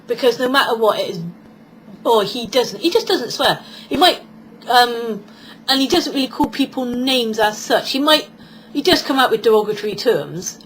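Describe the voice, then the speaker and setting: A woman's voice: a little high, lively intonation, moderate pace, fairly bright tone, a little hiss or hum, rough recording. A British woman in her forties talking casually in a rambling vlog monologue, often acting out other people's voices. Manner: chatty and rambling, acts out quoted voices. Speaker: vlogger.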